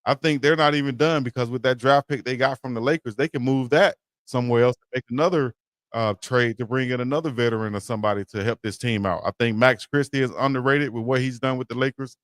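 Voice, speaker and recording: A man's voice: mid-range voice, steady tone, quick pace, no echo, studio quality. A man co-hosting a live sports talk stream, earnestly defending his team. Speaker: co-host. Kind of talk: casual sports debate. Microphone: live stream setup.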